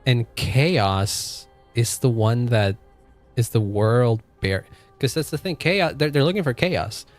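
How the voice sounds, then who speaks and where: This streamer is a man who casually comments on his gameplay and chats with viewers, reacting freely. He speaks slowly in a mid-range voice with lively intonation, while game music plays faintly.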